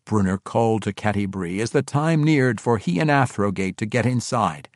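A man narrating a story in an expressive, animated way, recorded on a close studio mic. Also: on the low side, moderate pace, few pauses, dry recording. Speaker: audiobook narrator. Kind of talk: scripted narration.

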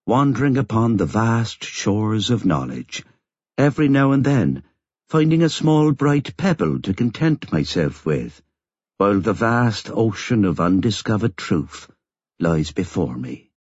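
A man voicing a gentle Irish priest. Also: fairly low pitch, big pitch swings, unhurried, breathy edge, no echo, dull audio, exaggerated voice. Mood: solemn. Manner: gentle, solemn reading. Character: middle-aged Catholic priest reading at a funeral.

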